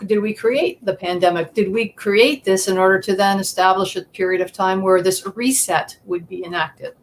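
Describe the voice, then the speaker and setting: A woman's voice: mid-range voice, steady tone, moderate pace, a little hiss or hum. A woman hosting an interview show, chatty and full of fillers. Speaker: show host. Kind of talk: casual interview chat.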